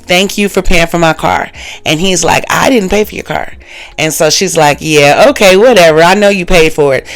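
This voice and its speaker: A recap channel host retelling events in a chatty, casual way, calling the viewers cousins and acting out the quoted lines with sudden jumps in pitch.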